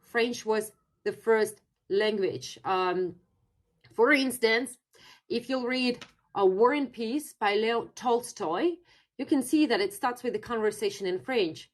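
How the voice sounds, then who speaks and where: This is a young woman from Russia, speaking English with a Russian accent in a slightly higher register. She runs a live-stream lesson on her native language in a loose, chatty way and reads out comments from viewers. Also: takes it slowly. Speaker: online Russian language teacher.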